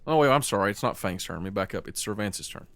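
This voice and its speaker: A man narrating as game master of a tabletop game, slowing down for dramatic scene-setting. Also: fairly low pitch, animated, fairly bright tone, no echo.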